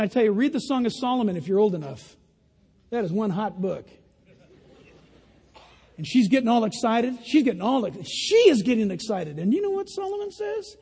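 High-voiced older preacher in echoing hall. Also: male voice, a little mellow, breathy edge. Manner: emphatic, playful asides. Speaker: pastor. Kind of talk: sermon. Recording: long reverb of a large hall.

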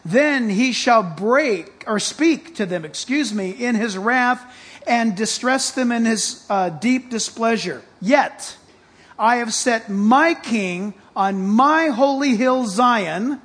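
Male pastor, very high voice, excitable sermon delivery with emphatic, shouted peaks. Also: slow pace, slightly rough. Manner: excitable, shifts to loud emphatic preaching.

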